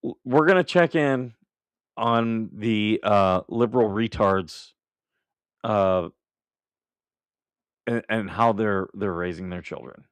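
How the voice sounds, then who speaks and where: A man's voice: on the low side, slow pace, long pauses, clear, resonant tone, no echo. A man hosting a casual live stream, talking bluntly and combatively with lots of swearing and laughing at his own remarks. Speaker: livestream host.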